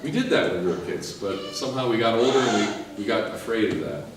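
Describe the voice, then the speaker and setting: A male priest preaching a sermon, lively and joking as he urges the listeners on. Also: lowish voice, brisk, background noise. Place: large church. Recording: echoey church from far off.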